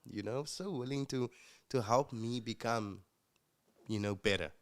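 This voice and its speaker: A man from Africa, a podcast guest telling his story in a casual, reflective way, pausing with fillers and restarts. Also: mid-range voice. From South Africa.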